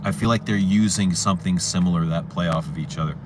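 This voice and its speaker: Man, deep low voice, casual livestream chat, rambling, repeats himself, faint background noise. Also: quick pace. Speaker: fragrance livestream host. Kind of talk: casual livestream chat reading viewer comments.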